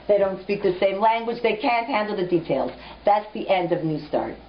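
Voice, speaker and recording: A woman giving a lecture, talking directly to her listeners and telling stories in an animated way. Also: medium pitch, moderate pace, a little hiss or hum. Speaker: teacher. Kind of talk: storytelling lecture. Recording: muffled lo-fi recording.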